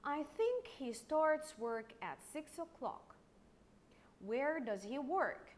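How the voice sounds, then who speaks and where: In a recorded online English lesson for primary pupils, a young Egyptian-accented woman patiently repeats words, drawing them out to clap the syllables. Her high-pitched voice is very animated, with slight background noise.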